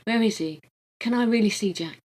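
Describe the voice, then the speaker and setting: A woman reading the part of a newly dead man, a father who is gruff and doubting at first, in an audiobook. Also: medium pitch, brisk, darkish tone, voice pushed up, natural voice, low-quality recording. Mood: eager.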